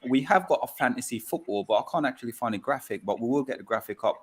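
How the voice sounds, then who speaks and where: A man hosting a live football show, hesitant and talking loudly into his microphone. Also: mid-range voice, animated, fast talker, breathy edge. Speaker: host.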